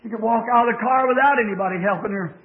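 A middle-aged man preaching a fervent revival sermon, shifting between hushed tones and shouting, heard on an old tape recording. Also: high voice, very fast, phone-quality sound. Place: church.

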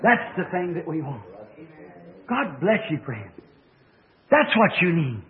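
A middle-aged man preaching a fervent revival sermon, shifting between hushed tones and shouting, heard on an old tape recording. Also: on the high side, very animated, unhurried, narrow, tinny audio. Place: church.

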